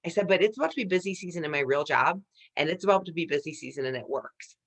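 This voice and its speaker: A woman in her thirties, a network marketing leader, telling a motivational personal story with animated energy, often addressing listeners as "you guys". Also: low voice, fast talker.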